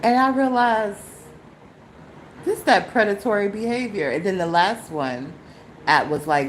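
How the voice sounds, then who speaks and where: A middle-aged woman, hosting a solo live podcast and telling a story with animation, swinging between low mocking quotes and high indignant outbursts. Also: unhurried, long pauses, a little hiss or hum, poor audio. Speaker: podcast host.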